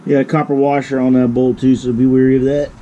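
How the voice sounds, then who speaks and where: A man's voice: mid-range voice, flat delivery, fairly quick, warm tone, lo-fi sound. A man casually talking through a DIY motorbike oil change outdoors, muttering and cursing as he works. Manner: mutters and curses while working. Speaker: home mechanic. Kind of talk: casual how-to commentary. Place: outdoors beside a flower bed. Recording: noisy outdoor camera recording. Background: outdoor ambience and vehicle noise.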